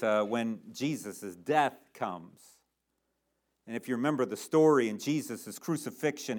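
Man preaching with rising intensity. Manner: expository preaching, rises sharply on quoted lines and key points, drops low on asides. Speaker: pastor. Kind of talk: sermon.

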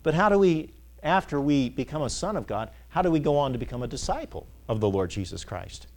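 A middle-aged man preaching to his congregation, his voice swinging from hushed to loud as he asks them to complete his lines. He mixes scripture with folksy, chuckling stories about his own life. His pitch sits in an ordinary mid range. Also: big pitch swings, brisk. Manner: call-and-response questions to the congregation. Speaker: pastor. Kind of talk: sermon.

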